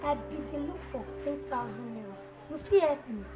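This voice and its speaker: An actress playing a sassy young woman in a Nollywood comedy, speaking softly and dismissively with a Nigerian accent. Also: sits high, lively intonation, a little fast, over music.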